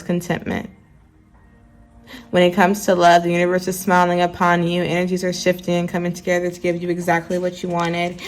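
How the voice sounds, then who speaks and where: A tarot card reader gives her viewers a casual reading, chatting and mixing readings from the deck's guidebook with asides to the audience. Her voice is fairly low with vocal fry.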